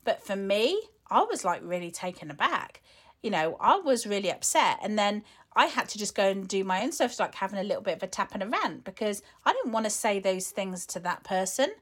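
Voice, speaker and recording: A woman's voice: medium pitch, big pitch swings, brisk, fairly bright tone. A woman coach talking casually to other women in an earnest, emotionally open way, full of fillers. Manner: chatty, heavy with fillers.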